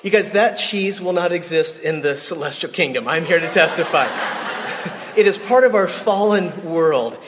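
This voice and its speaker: A man giving a sermon to a live audience, telling stories in a lively, chatty way, often laughing and speaking straight to his listeners. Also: fairly high pitch, moderate pace, big-room sound, noisy background. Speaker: devotional speaker.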